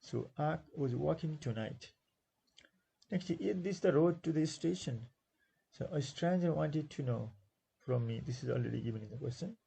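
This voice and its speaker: Gravelly, husky Nepali-accented male teacher. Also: fairly high pitch, lively intonation, mellow, poor audio. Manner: repeats words slowly to stress syllables, with many fillers; switches into Nepali to explain. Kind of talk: exam-prep lesson explaining a textbook.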